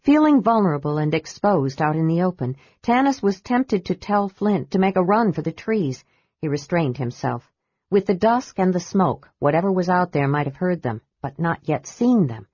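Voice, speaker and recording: A woman reading a fantasy novel aloud in steady, measured narration. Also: lowish voice, husky, dry recording. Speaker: audiobook narrator. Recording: dull dry recording.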